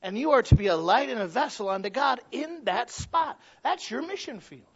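A middle-aged Midwestern man preaching in a high voice. He talks to the congregation conversationally, dropping to quiet asides and then rising to loud, emphatic peaks. The recording sounds dull and lo-fi. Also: expressive, moderate pace, hardly any pauses, slightly rough. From Michigan. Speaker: pastor. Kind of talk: sermon.

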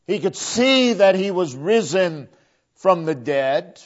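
A man's voice: high voice, lively intonation, slow. Guy preaching a sermon, leans hard on repeated lines, muffled lo-fi sound. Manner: emphatic, repeats phrases for stress. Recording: dull lo-fi recording.

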